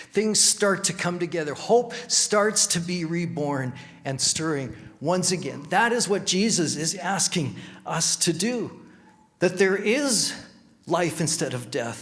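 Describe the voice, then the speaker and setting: Man, middle-aged, pastor, sermon, earnest, emphatic, fairly high voice, church hall reverb. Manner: earnest, rising to emphatic declarations. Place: church sanctuary.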